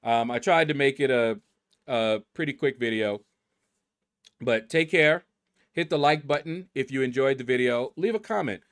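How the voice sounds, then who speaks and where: A man's voice: mid-range voice, normal speed, fairly bright tone. A middle-aged man hosting a gaming channel, casually reading out leaderboard names and musing aloud as he stumbles over them.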